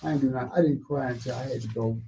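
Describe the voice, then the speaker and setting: A man's voice: mid-range voice, rapid-fire, gravelly, warm tone, a little hiss or hum, rough recording. A man on a podcast telling a personal story in a blunt, profane, drawling way. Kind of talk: casual storytelling chat. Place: live podcast studio.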